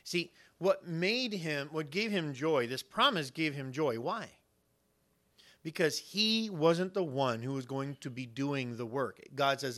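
A man preaching a sermon, earnest and building to loud emphasis as he acts out the replies of God and friends. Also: mid-range voice, lively intonation, unhurried. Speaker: pastor.

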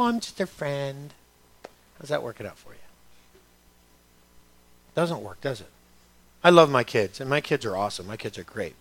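A man preaching a sermon. He begins quiet and conversational, then turns loud and emphatic. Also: medium pitch.

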